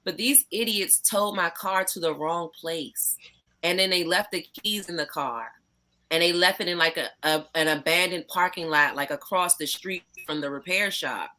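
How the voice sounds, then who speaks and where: A woman with a lowish, bright and forceful voice tells her stories in loose podcast chat. She talks in an animated way, laughs easily and swears without a second thought. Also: normal speed. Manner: animated storytelling, swears freely, laughs often. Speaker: podcast guest, emcee. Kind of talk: casual chat.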